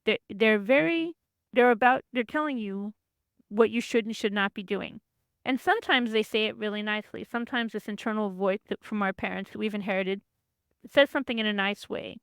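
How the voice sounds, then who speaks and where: A woman's voice: medium pitch, a little fast, clear, resonant tone, dry recording, studio quality. A woman presenting a workshop lesson, explaining ideas in a conversational lecture and sometimes acting out quoted voices. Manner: acts out quoted voices, frequent restarts.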